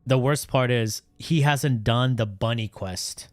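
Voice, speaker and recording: Animated, profane male streamer. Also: a little slow, dry recording. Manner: animated, profane, swinging pitch. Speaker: livestreamer. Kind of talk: casual stream reaction chat.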